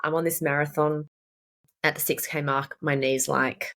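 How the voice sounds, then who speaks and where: Speaking briskly in a deep, slightly bright voice with fairly even intonation, this thirtysomething fitness coach shares a personal story as a podcast guest. The chat is casual, candid and emphatic, and she swears freely.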